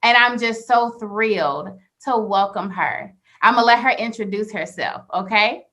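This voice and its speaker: A woman co-hosting a faith podcast, chatty and enthusiastic, often affirming with quick yeses. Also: medium pitch, sharp tone. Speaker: podcast co-host.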